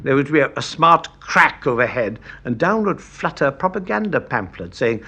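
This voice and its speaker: A man's voice: mid-range voice, expressive, normal speed, few pauses, bright, forceful tone, slightly rough. An older male veteran reminiscing in an interview, wry and articulate.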